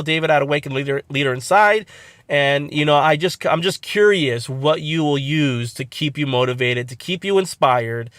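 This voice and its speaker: Man, congested from a cold, earnest motivational host, somewhat high voice, dry close sound. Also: fairly bright tone, no echo. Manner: earnest, encouraging, with many "you know" fillers. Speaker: podcast host. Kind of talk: motivational talk to camera.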